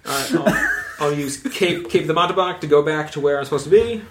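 A man's voice: fairly high pitch, expressive, quick pace, fairly bright tone, slight background noise. A man playing a tabletop game, working out spell rules aloud and chuckling often. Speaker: player. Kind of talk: casual game table chat.

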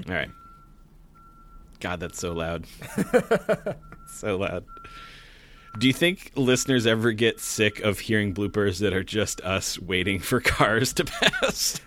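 A man's voice: fairly low pitch, big pitch swings, slow, pauses often, fairly bright tone, a little hiss or hum. A man co-hosting a podcast in casual chat, joking and laughing often. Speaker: podcast co-host.

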